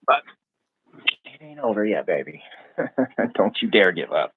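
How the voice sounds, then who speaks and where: A man's voice: lowish voice, big pitch swings, unhurried, breathy edge. A man co-hosting a live stream, teasing and encouraging in casual chat, heard over a call. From United States. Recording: tinny phone-like call audio.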